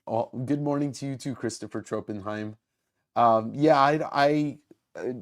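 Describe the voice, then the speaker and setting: A man hosting a casual live stream, rambling and self-mocking as he greets viewers in the chat by name. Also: fairly low pitch.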